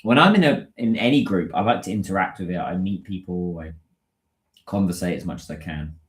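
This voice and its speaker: A man's voice: deep voice, brisk, roomy sound. A British man hosting a casual livestream, chatting and answering viewers' comments as they come in. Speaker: livestream host.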